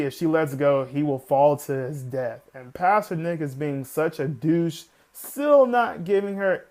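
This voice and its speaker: A man reviewing an anime episode in a casual, excitable, rambling way, often repeating "literally" and swearing now and then. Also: fairly high pitch.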